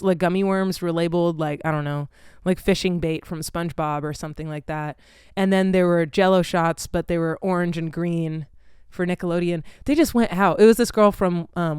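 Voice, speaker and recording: A woman's voice: fairly low pitch, a little mellow, smooth, dry recording, studio quality. Casual young woman ranting with swears. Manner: candid, swears freely, lots of "like". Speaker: vlogger. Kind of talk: casual storytelling chat.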